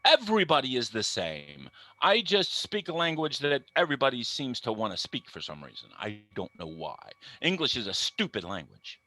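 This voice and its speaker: A man's voice: medium pitch, big pitch swings, moderate pace, hardly any pauses, pushed and bright, no room sound, low-quality recording. A man with a Midwestern American accent, an English teacher speaking as a panel guest in an emphatic, opinionated, playful way. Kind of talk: panel discussion talk.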